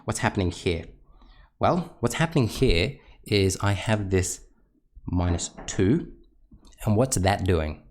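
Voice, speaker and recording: Man, maths teacher, fairly low voice, patient step-by-step explaining, recorded screen lesson, desk mic. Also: lively intonation, slow, pauses often, a little mellow. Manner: patient step-by-step explaining, self-deprecating asides.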